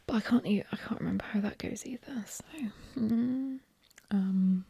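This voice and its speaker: A woman's voice: medium pitch, normal speed, mellow, dry recording. A young English woman whispering ASMR chat, rambling and opinionated, a little sniffly, recorded ear to ear on a binaural mic. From England. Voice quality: breathy whisper. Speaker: ASMR host.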